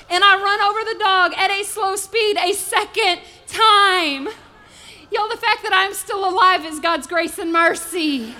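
A woman preaching a sermon, an animated storyteller who acts out voices and sound effects. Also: very high-pitched.

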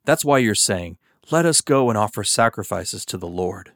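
Man reading a haughty ancient king, low, dry, commanding, barely acted. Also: lively intonation, moderate pace, a bit bright, dry recording. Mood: scornful. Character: stern arrogant ancient male king.

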